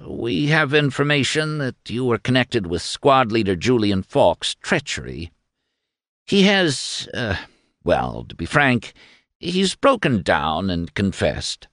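A man's voice: medium pitch, a bit bright, dry recording, studio quality, exaggerated voice. A man voicing a courtly male prison-camp captain who coaxes politely with false kindness. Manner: polite, coaxing, falsely kind.

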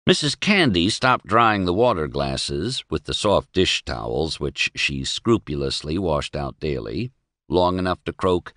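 Low expressive male audiobook narrator. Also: a little slow, no room sound, clean studio sound. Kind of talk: scripted narration.

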